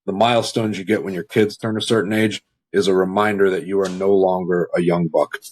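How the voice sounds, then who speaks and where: Deep, husky man with dry banter. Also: fairly even intonation, fairly quick. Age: middle-aged. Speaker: co-host. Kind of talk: casual podcast chat. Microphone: video call.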